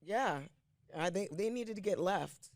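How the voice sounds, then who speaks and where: A woman's voice: medium pitch, lively intonation, measured pace, no echo, studio quality. Playful woman answering from the crowd.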